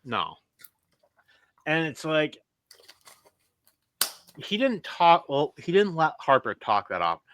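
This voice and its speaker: A man's voice: a little high, very animated, slow, pauses often, a bit bright, slight background noise. A man with a New York accent, a guest on a podcast, sharing blunt, profane opinions. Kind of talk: casual podcast chat.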